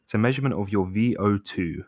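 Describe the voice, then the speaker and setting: A man's voice: fairly low pitch, animated, fast talker, a little mellow, no room sound. A man in his thirties co-hosting a podcast, chatting casually and rambling, often saying "bro". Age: 30s. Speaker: podcast co-host. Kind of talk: casual chat.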